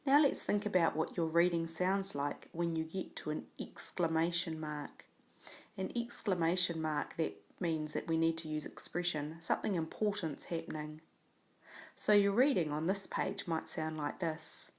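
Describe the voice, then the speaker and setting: A woman teaching a reading lesson, speaking clearly and patiently as she models reading a story aloud. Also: low voice, fairly even intonation, normal speed. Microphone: tablet microphone.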